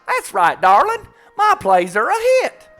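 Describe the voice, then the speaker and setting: A man voicing a sassy Texan woman who runs a theater, with a put-on Texas accent and a high, loud, drawling twang. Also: huge pitch swings, unhurried, soft background music, heavily acted. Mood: proud. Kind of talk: fan voice acting of a video game.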